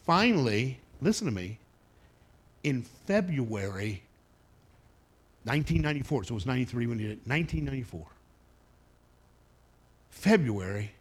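A man with a husky, slightly breathy voice delivers a sermon from the pulpit. He is a pastor who tells stories in a folksy, conversational way and drops wry asides to his congregation. His pitch sits in the ordinary middle range for a man. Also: sing-song, normal speed, long pauses.

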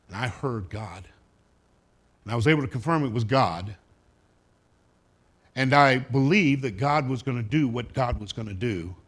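A man's voice: on the low side, breathy edge. A male pastor preaching a sermon, telling a personal story in a folksy way with humorous asides to his congregation.

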